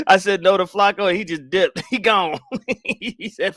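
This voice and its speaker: Animated young man hosting a stream. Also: high-pitched, slow pace, no room sound, studio quality. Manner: animated, swearing, laughing, talking to chat. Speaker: livestream host. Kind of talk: casual stream chat.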